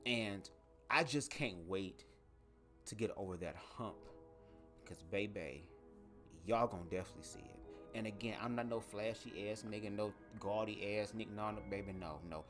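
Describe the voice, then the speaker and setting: A man hosting a casual livestream, talking straight to his viewers in an animated, profane way from a home setup at his microphone. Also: lowish voice, moderate pace, soft background music. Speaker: livestream host. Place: home setup, speaking to camera. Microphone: desk microphone.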